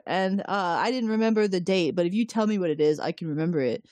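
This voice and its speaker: Woman podcast host, lowish voice, chatty recap style, quotes characters with playful voices, dry close mic. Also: quick pace, few pauses, no echo. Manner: animated retelling, acting out characters' lines. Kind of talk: casual chat.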